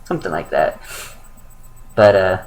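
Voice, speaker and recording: A man's voice: low voice, measured pace, a little hiss or hum, rough recording. A young man giving a casual, rambling spoken review of a comic book, with lots of fillers and self-corrections.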